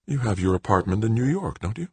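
A middle-aged mother, quiet and measured, as a deep-voiced male narrator raises his voice to play her. The softer delivery keeps a husky edge. It is heard close and dry in an audiobook. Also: lively intonation, dry recording. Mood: resigned.

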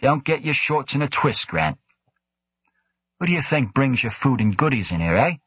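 A man's voice: mid-range voice, sing-song, moderate pace, fairly bright tone, breathy edge, no echo, pitched above the performer's own voice. A man voicing a brash, cheeky male supply man, breezy and teasing.

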